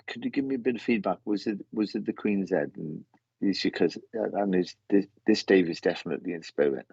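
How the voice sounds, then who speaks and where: A man giving a live mediumship reading, talking in halting, repetitive bursts full of restarts, on slightly dull lo-fi audio. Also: low voice, vocal fry, darkish tone, slightly rough, no room sound. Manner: halting, repetitive, with many restarts and self-corrections.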